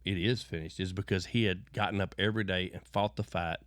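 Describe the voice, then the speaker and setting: This middle-aged interview guest from West Texas speaks a little fast with fairly even intonation, his low voice a bit bright, in a West Texas accent. His storytelling is rambling and folksy, with repeated and restarted words and preachy bursts. The sound is clean studio quality without room sound.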